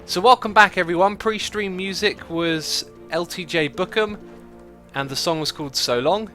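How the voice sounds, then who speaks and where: Guy streaming a game, chatty and laughing, slightly high voice, soft music under him. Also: normal speed. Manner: chatty, laughs often, reads out donations and chat. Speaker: streamer host. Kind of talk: casual livestream chat while gaming.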